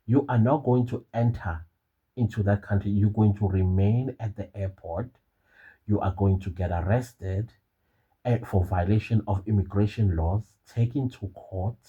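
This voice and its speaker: A man's voice: fairly low pitch, moderate pace, slightly rough, phone-quality sound. A man from South Africa with a South African accent, giving an emphatic casual commentary monologue and asking the listener rhetorical questions. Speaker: online commentator.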